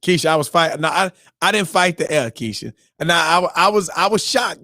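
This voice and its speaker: A man hosting a morning show, telling a story in a lively, excitable way and acting out his own reactions. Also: fairly high pitch, a little fast, hardly any pauses, no room sound, clean studio sound. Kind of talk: animated casual storytelling.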